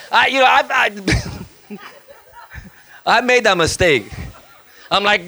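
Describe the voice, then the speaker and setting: A man in his fifties, a guest pastor preaching a lively storytelling sermon, acting out voices and shouting lines for effect. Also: sits high, measured pace, pauses often. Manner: animated, acts out voices and shouts for effect, laughs often.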